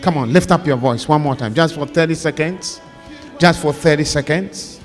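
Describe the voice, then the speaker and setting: Fervent preacher in a reverberant hall. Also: male voice, fairly high pitch, normal speed. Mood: pleading. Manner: fervent, repetitive prayer with rising, pleading calls; conversational, scolding exhortation. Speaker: pastor. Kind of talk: sermon with led prayer. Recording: long hall reverb with faint music.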